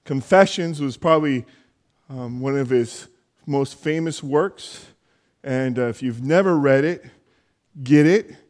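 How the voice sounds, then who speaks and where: A male pastor preaching a sermon in a conversational, earnest way, with frequent fillers, dropping to a hushed voice when praying. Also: mid-range voice, takes it slowly. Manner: soft hushed prayer voice.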